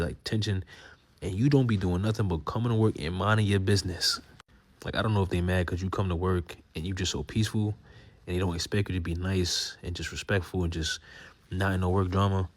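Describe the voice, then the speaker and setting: A young man ranting to camera about work beef, animated and slangy, laughing often. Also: sits low. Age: young adult. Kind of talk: comedic rant to camera.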